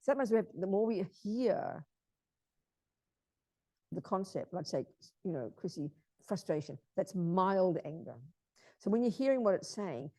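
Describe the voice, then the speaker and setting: A woman's voice: medium pitch, expressive, moderate pace, pauses often, mellow, no room sound. A woman teaching Buddhism in an emphatic way, repeating key phrases and often asking her listeners if they understand.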